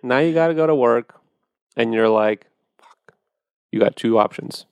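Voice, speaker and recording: A man's voice: medium pitch, moderate pace, creaky, clear, resonant tone, no echo, clean studio sound. A man hosting a podcast, chatting casually and animatedly about wine, with profane storytelling. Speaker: podcast host.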